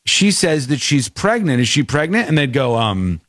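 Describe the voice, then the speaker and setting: Animated storytelling man, lively pitch. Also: normal speed, no echo, clean studio sound. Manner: animated storyteller, acts out quotes. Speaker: podcast host. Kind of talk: casual chat.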